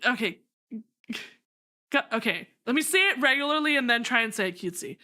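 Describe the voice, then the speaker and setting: A woman streaming a game, giggly and excitable, reading the narration aloud and talking to chat. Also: fairly high pitch, a little fast.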